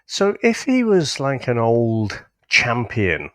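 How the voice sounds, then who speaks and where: A man's voice: mid-range voice, huge pitch swings, slow pace, dry recording, clean studio sound. A man co-hosting a casual film review podcast, blunt and laid-back in his opinions. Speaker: podcast co-host.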